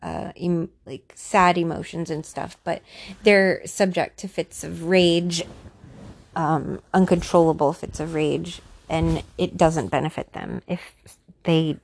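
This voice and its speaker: A woman talking casually about her personal experiences, offering her opinion in a halting way with restarts and fillers. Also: sits low, steady tone, gravelly. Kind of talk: casual monologue.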